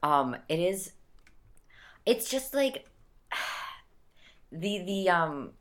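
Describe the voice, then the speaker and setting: A woman with a notably low voice co-hosting a casual movie podcast. She critiques bluntly and swears freely. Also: big pitch swings, very slow. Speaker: podcast co-host. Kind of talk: casual movie review chat.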